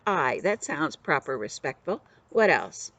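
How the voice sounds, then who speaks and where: A grandma doing a gruff bossy outlaw. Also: female voice, sits low, sing-song, measured pace, a bit bright, dry recording, heavily acted. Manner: coarse old-fashioned slang, bossy. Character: gruff boastful male outlaw leader.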